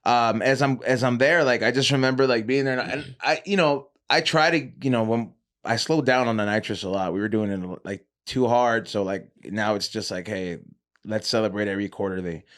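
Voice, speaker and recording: A man's voice: medium pitch, brisk, fairly bright tone. A young man telling rambling, laughing stories in a casual podcast chat, full of "like" and swearing. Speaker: podcast guest, cannabis show host.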